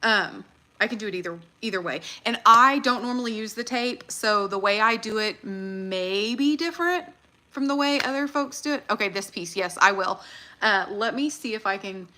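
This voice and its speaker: A chatty woman hosts a casual livestream, talking straight to her viewers. Her voice is bright and clear at a middle pitch. She gets excited easily and laughs often. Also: moderate pace. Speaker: livestream host.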